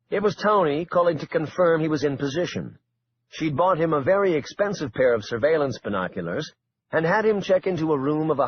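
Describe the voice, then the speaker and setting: A man narrating a suspense audiobook in an expressive, dramatic way. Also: on the high side, muffled recording, a little hiss or hum.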